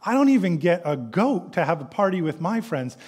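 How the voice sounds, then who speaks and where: A man's voice: sits high, very animated, brisk, darkish tone, husky, pitched above the performer's own voice, full character voice. A male preacher voicing a resentful, indignant older brother, a young man, in a raised, strained, whiny voice.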